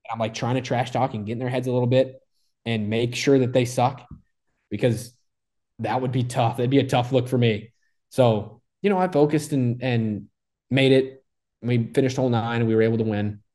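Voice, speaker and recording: A man of middle pitch tells a golf story in a loose, casual interview. He talks excitedly and rambles, stacking up "like" and starting sentences over. His voice sits neither high nor low. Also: normal speed. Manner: excitable, rambling, full of "like" and restarts. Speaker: golfer recounting his hole in one.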